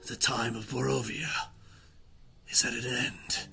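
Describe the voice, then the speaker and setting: A man's voice: medium pitch, little pitch movement, measured pace, vocal fry, bright, forceful tone. A man voicing a sorrowful undead male guardian spirit in a scratchy whisper, in whispered role-play. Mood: mournful.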